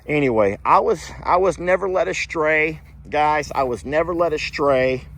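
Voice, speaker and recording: A man's voice: on the high side, normal speed, creaky, fairly bright tone, no echo. A man, telling folksy stories in a rambling, chuckling way while working outdoors at his horse barn. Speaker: ranch vlogger. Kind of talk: casual storytelling while doing chores.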